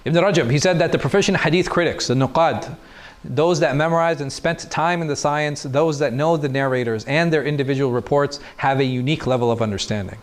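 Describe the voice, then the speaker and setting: A man's voice: on the high side, brisk. A man lecturing a class, explaining things step by step and asking the students questions he then answers himself. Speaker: teacher. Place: mosque classroom.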